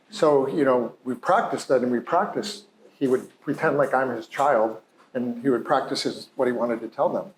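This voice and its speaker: A man's voice: mid-range voice, normal speed, slight background noise. A male psychologist telling a patient's story in a conversational, heartfelt lecture, full of "you know" and "like". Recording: roomy echo.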